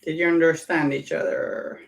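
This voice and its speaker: A woman's voice: deep voice, little pitch movement, normal speed, vocal fry, rough recording. A woman hosting a miniature-painting livestream, chatting casually and muttering jokes to herself as she works at her hobby desk at home. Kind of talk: casual chat while working.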